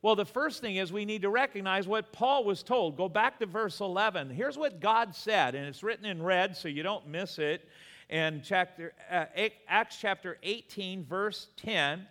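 A man's voice: high-pitched, moderate pace, fairly bright tone, long reverb tail. A man pastor preaching a sermon in earnest, repeating words for emphasis.

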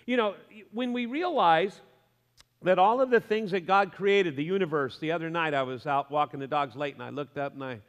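Brief: male pastor, high voice, chatty humorous sermon, long church reverb. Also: moderate pace, highs cut off. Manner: lively, conversational preaching with humor and asides.

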